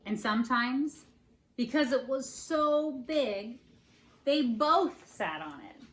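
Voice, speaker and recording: Lively woman reading a storybook aloud. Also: high voice, takes it slowly. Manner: animated, playful, asks listeners questions. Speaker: preschool teacher reading aloud. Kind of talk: children's storybook read-aloud. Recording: faint background noise. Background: dog barking now and then.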